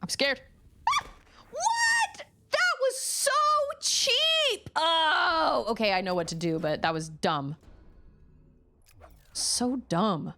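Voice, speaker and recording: A woman's voice: high voice, sing-song, takes it slowly, bright, forceful tone. A woman streaming a game from home, chatting casually and yelping in surprise at the game. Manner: chatty, with sudden yelps of surprise. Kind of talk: casual gaming chat.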